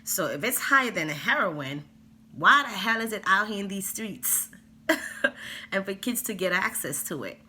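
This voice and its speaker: A woman talking to camera in a casual vlog, emphatic and animated, lecturing parents with asides. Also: mid-range voice, a little slow. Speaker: vlogger.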